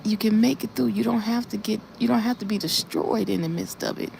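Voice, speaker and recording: A woman's voice: mid-range voice, fairly quick, vocal fry, darkish tone, a little hiss or hum. A woman on a casual live stream, earnestly retelling a dream in a repetitive way and speaking straight to her viewers. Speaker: livestreamer.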